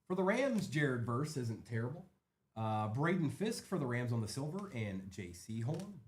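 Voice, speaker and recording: Host, male, animated casual delivery with lots of rise and fall, live card-break commentary. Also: mid-range voice, moderate pace, slight background noise. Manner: lively, chatty, rattling off names.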